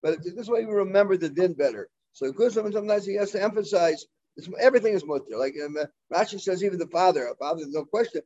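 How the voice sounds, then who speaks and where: High-voiced man teaching a Talmud class. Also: a little mellow, highs cut off. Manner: halting, full of fillers and restarts, mixing Hebrew and Aramaic terms.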